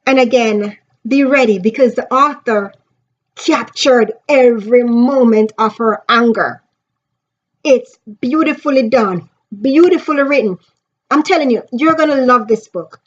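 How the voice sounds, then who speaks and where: A woman who writes books reviews one in a casual vlog, talking earnestly and emphatically to her viewers. Her voice is high and bright in pitch. The audio sounds a little dull and lo-fi. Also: unhurried. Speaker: author reviewing a book.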